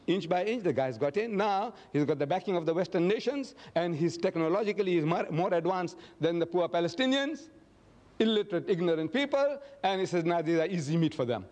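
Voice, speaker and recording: A man's voice: sits high, lively intonation, fairly quick, hardly any pauses, darkish tone. A man answering audience questions in a public lecture, telling stories emphatically and acting out quoted dialogue. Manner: emphatic storyteller who acts out quoted dialogue.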